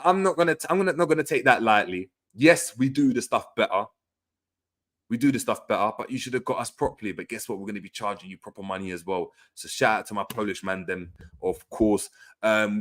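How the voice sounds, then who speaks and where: Streamer host, male, lowish voice, reads chat and riffs, repeats himself. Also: fairly bright tone. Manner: reads viewer comments aloud and reacts, repeating phrases with slang. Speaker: livestream host. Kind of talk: casual livestream chat.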